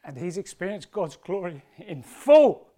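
A man preaching a sermon with passion, moving between hushed, emotional storytelling and loud, rising appeals. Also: high-pitched, very animated, measured pace. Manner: impassioned, swinging from hushed to loud.

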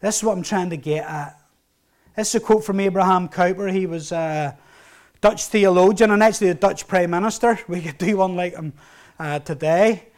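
A man preaching a sermon, building to passionate emphasis and dropping to hushed lines. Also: high-pitched, normal speed. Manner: impassioned preaching, rising emphasis and hushed drops. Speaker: pastor.

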